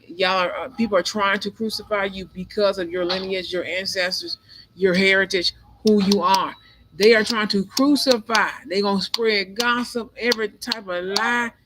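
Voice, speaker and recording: A man with a notably high voice talks his way through a spiritual tarot reading. He rambles and circles back, hammering home short phrases over and over. A faint hiss sits under the recording. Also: steady tone, moderate pace. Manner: rambling, repeats phrases, emphatic. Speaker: tarot reader.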